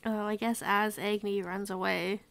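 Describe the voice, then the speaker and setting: Gentle woman with a gravelly edge. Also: medium pitch, flat delivery, normal speed. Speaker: tabletop game player. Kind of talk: casual in-character play.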